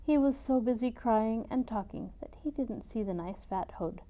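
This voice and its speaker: Woman reading a kids' story out loud, high mellow voice, dull lo-fi audio. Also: normal speed. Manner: expressive, dramatic storytime delivery. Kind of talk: reading a picture book aloud.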